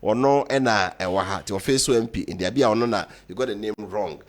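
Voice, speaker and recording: A man's voice: on the low side, brisk. Ghanaian male talk-show host. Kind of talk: talk-show hosting, reading viewer messages.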